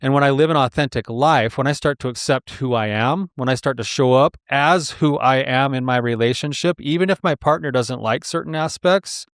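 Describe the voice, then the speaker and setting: A man's voice: medium pitch, fairly quick, hardly any pauses, smooth, no echo. A man with a mid-range voice speaks as a therapist guest on a podcast. He tells stories with energy and acts out the voices of the people he quotes. The sound is close and dry. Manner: animated storyteller who acts out quotes. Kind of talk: casual conversational interview.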